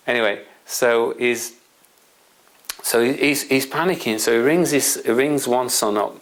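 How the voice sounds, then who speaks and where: A man's voice: mid-range voice, unhurried, rough recording. A man presenting a self-help system, explaining his point through a rambling everyday anecdote with asides to the listener. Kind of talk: explanatory storytelling talk.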